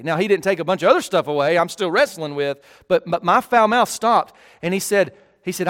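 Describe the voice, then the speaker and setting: A man in his thirties preaching a sermon, earnest and emphatic, slowing on key words and often restarting phrases. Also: sits high, lively intonation, fairly bright tone, big-room sound. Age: 30s. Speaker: pastor.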